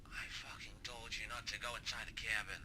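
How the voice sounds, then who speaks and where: A man's voice: fairly low pitch, fairly even intonation, a little fast, background noise. An actor playing a blunt male radio handler who coaches a lost partner, curt and swearing, heard over a radio transmission in a video game. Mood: tense.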